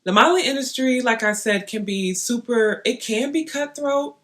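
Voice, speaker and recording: A young woman vlogging, chatting straight to her viewers in an animated, storytelling way. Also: a little high, moderate pace. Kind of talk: casual storytelling to camera.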